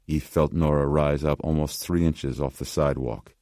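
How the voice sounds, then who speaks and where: Male audiobook narrator, extremely low, steady, dry booth sound. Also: dry recording. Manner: measured, steady storytelling. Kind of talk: scripted narration.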